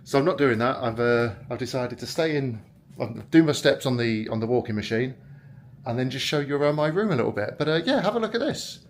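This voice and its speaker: A man's voice: medium pitch, expressive, brisk, roomy sound, a little hiss or hum. A British man giving a casual, rambling, self-mocking vlog tour of a hotel room, filmed on a handheld camera. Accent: British English. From United Kingdom. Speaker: vlogger.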